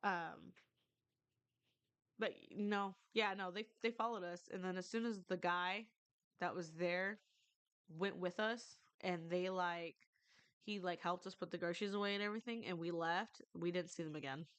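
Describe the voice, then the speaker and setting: A woman's voice: on the low side, steady tone, moderate pace, a bit bright, smooth. A young woman streamer telling a true story in a loose, rambling way, with lots of fillers and casual swearing.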